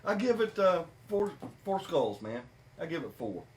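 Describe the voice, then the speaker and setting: A man hosting a podcast, chatting casually about a movie with animated, repetitive emphasis. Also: a little high, normal speed. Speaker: podcast host. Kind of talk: casual movie review chat.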